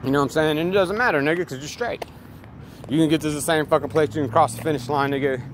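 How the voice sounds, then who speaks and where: Outdoors beside busy traffic, a vlogger rants in a rambling, profane, emphatic way. He speaks quickly in a high voice over loud street and vehicle noise.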